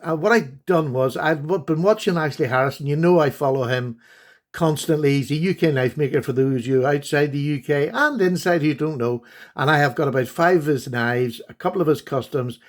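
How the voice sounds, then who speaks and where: Chatty middle-aged man, slightly high voice. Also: moderate pace. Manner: chatty, rambling, fond and enthusiastic. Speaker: host, knife collector. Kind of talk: casual vlog chat showing knives to camera.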